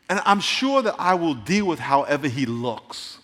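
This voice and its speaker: A man preaching a sermon, telling animated stories and cracking playful jokes to his congregation. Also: on the high side, normal speed, few pauses, a little hiss or hum. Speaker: pastor. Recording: long hall reverb.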